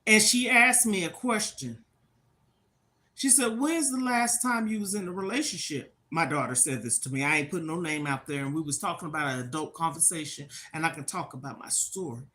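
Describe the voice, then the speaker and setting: A woman's voice: low voice, animated, brisk, bright, forceful tone. Frank older woman talking to viewers. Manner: frank, preachy, repeats "okay?" often. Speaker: livestream host. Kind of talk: casual livestream talk to viewers.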